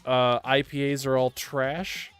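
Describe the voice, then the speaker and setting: A man's voice: mid-range voice, level tone, slow pace, a bit bright, clean tone, faint music behind. A man co-hosting a livestream, chatting casually and reading out viewer comments, self-deprecating and laughing often.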